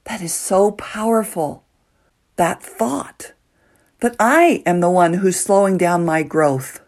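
Woman, podcast host, motivational monologue, earnest, lower pitch, hushed lines and eager bursts, close mic. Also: slow. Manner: earnest, swings between soft hushed lines and excited outbursts. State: nervous, emotional.

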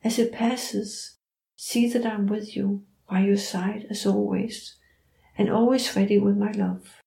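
A woman voicing a calm, loving female dog spirit who speaks softly and soothingly. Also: medium pitch, creaky. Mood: gentle, soothing. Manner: soft, slow and soothing. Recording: roomy echo.

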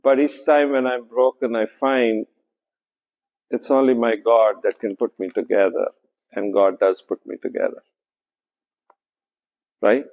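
A man's voice: medium pitch, steady tone, big-room sound, phone-quality sound. A man preaching a conversational sermon as pastor, often checking in with "right?" and using many fillers. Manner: frequent "right?" checks, many fillers, slow deliberate delivery. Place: church sanctuary.

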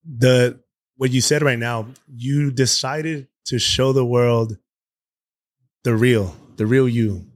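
A man's voice: medium pitch, steady tone, slow pace, dry recording, studio quality. A man hosting a podcast, asking earnest, probing questions in a casual interview chat. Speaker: podcast host.

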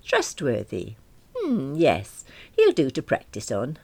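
A woman's voice: very deep voice, wildly swooping pitch, slow, creaky, warm tone, exaggerated voice. A woman voicing a pushy, worldly female friend who hands out breezy advice.

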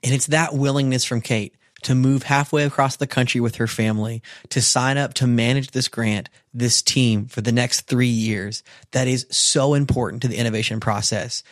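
A man narrating a podcast in a measured, earnest scripted style on a close mic. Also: mid-range voice, steady tone, no echo. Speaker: podcast host.

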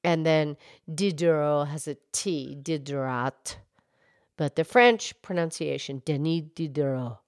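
A woman voicing a gentle female cow who calmly explains history on a children's show. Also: low voice, measured pace, no room sound, clean studio sound. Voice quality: calm, explanatory, hesitant restarts. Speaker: co-host, explainer.

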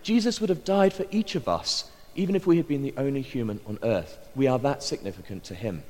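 A middle-aged English man from Bristol with a posh southern accent, a vicar giving an earnest, measured personal testimony as a sermon. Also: mid-range voice, lively intonation, dark tone, long reverb tail. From Bristol, England. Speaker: vicar and pastor.

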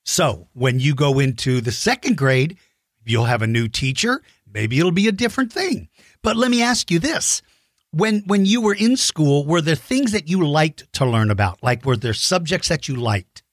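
A woman's voice: low-pitched, lively intonation, normal speed, no echo, clean studio sound. A woman hosting a playful chat with a child over a video call, joking and teasing with silly sound effects. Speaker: host.

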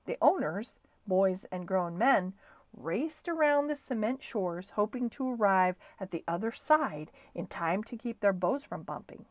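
A woman who reads a children's storybook aloud with an expressive, varied delivery. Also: medium pitch, a little slow, no echo.

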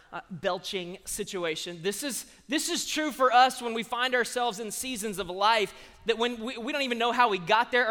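High, bright preacher man. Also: big-room sound. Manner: animated, humorous storytelling. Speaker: pastor. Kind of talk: sermon.

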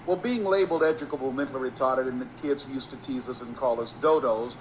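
A man from Miami giving a storytelling motivational speech, emphatic and rhythmic, slowing down to stress key phrases. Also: medium pitch, slight background noise, low-quality recording. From Miami, Florida. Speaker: motivational speaker.

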